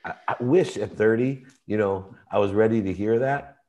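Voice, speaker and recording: Deep-voiced man telling an emotional story. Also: moderate pace, muffled recording. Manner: emotional, animated storytelling with laughs and vivid quotes. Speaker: podcast guest. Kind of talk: personal storytelling in conversation.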